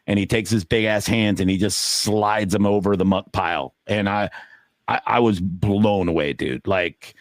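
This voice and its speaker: A middle-aged man with a low voice spins stories in a relaxed, profane way. He jumps high in pitch whenever he acts out what someone said. The recording is dry and close, with no room sound. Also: normal speed, no echo. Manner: animated, swears freely, acts out quotes with big jumps in pitch. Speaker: poker dealer telling stories on a podcast. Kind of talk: casual storytelling.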